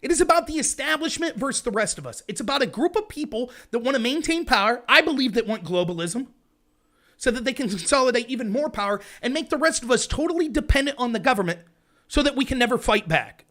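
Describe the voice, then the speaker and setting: A man hosting a political commentary livestream, ranting in an animated, sarcastic way. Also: very high voice, quick pace. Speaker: host.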